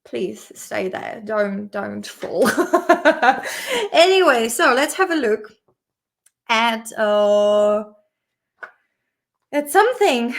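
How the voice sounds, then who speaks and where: A woman giving a casual live-streamed vocabulary lesson, laughing often and chatting freely. She speaks at an unhurried pace in a slightly high voice. She keeps an easygoing, talkative manner throughout. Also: a bit bright. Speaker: English teacher. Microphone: desk camera mic on a makeshift stand.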